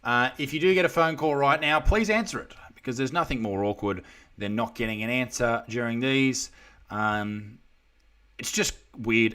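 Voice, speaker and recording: A man's voice: mid-range voice, normal speed, fairly bright tone. An Australian man chatting casually on a live stream, rambling, swearing and reading out viewer comments.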